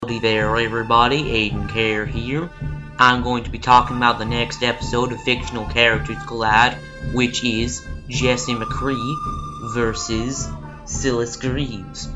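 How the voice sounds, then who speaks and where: A man's voice: medium pitch, level tone, measured pace, over music, rough recording. A man with a put-on American cowboy drawl, giving a jokey, mock-serious comedic prediction. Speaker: video commentator.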